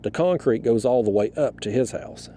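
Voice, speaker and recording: A man's voice: mid-range voice, moderate pace, dark tone, slight background noise. A middle-aged man tells a rambling, fired-up story to camera while fishing from a kayak outdoors, swearing freely. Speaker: fishing vlogger.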